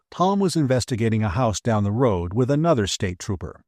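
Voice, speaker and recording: A man narrates an adventure audiobook in a lively, expressive voice with a middle pitch. The read is dry and close to the mic. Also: a little fast, few pauses, no room sound. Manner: expressive storytelling delivery.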